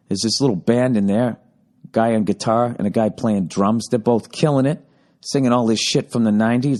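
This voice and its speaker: A man hosting a podcast, telling a comedic story in a profane, ranting way. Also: mid-range voice. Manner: profane, ranting, heavy swearing. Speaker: podcast host.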